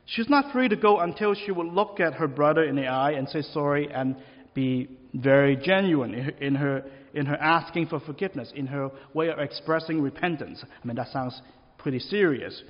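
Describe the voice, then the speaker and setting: Pastor, male, slightly high voice, conversational sermon, long hall reverb. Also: moderate pace. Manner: conversational preaching with rhetorical questions. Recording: long reverb, dull lo-fi sound.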